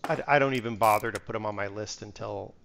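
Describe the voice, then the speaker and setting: A man's voice: fairly low pitch, quick pace, creaky, a bit bright. A man casually chatting to his viewers while playing a game live, rambling and muttering to himself. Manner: rambling, talks to himself, mutters part numbers. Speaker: streamer. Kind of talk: casual live-stream chat while gaming.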